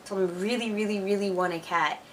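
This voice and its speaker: A chatty young woman in her twenties records a casual video letter to a friend at home, excitable and full of "like" and "you know". The mic sits a little away from her, and faint noise hums underneath. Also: mid-range voice, quick pace, distant mic. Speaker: vlogger. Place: at home, alone.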